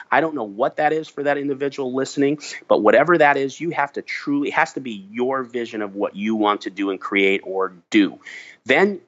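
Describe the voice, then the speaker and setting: A man's voice: mid-range voice, fairly bright tone. A middle-aged man telling a motivational story as a podcast guest, earnest and emphatic, often restarting his words. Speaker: podcast guest, business founder. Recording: dull lo-fi podcast audio.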